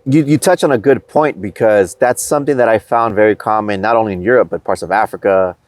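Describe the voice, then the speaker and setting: A man's voice: lowish voice, fast. A man from the United States, a podcast guest, chatting casually and with enthusiasm about travel.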